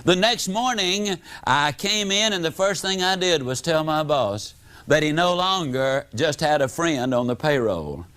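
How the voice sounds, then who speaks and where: A man, giving a motivational seminar talk as a storyteller, animated, with dramatic swings in pitch and loudness. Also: a little slow. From United States. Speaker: motivational speaker.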